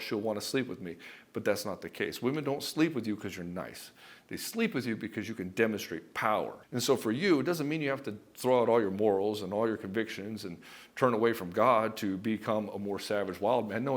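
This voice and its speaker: A man's voice: lowish voice, expressive, brisk. A man coaching husbands in a direct, blunt and emphatic talk, with casual swearing and stories from his own marriage, calling the listener brother. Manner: addresses the viewer as brother; tells personal anecdotes. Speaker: relationship coach.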